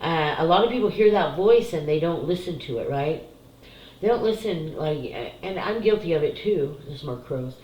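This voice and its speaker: A woman's voice: deep voice, expressive, moderate pace, reverberant, highs cut off. A middle-aged woman, a psychic, talking candidly and emotionally to her viewers about family and spiritual cards, tearful at times and swearing freely. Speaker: psychic doing card readings. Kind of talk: casual spiritual talk to camera.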